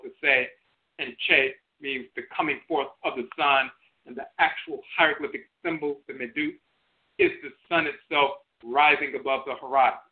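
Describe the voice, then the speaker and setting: A man lectures on a talk radio show. He speaks in an emphatic, teaching manner and drives points home through repetition. His mid-pitched voice comes through a thin, phone-like line. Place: internet radio broadcast by phone. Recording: tinny phone-line audio.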